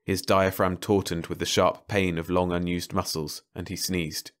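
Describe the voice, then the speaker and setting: A man with a low voice narrates a science fiction novel as an audiobook, telling the story in a slow, even delivery.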